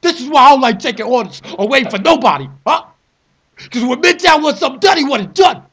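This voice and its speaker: High, lively man ranting theatrically. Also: fast, husky. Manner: theatrical, repeats phrases, shouts in bursts. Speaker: vlogger ranting about a fantasy football trade. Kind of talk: animated comic rant.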